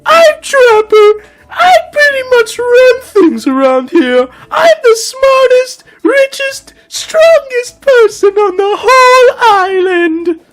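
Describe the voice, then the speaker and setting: A man voicing a boastful rich male jock who shouts his bragging in a screeching, drawn-out way. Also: very high-pitched, big pitch swings, faint music behind, pitched above the performer's own voice, full character voice, low-quality recording.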